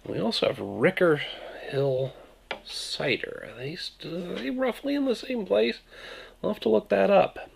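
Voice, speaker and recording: A man's voice: high-pitched, expressive, measured pace, creaky, slight background noise. A man from Maine with a Maine accent, casually reviewing a cider in a rambling, jokey way. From Maine, USA. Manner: rambling, jokey, self-interrupting.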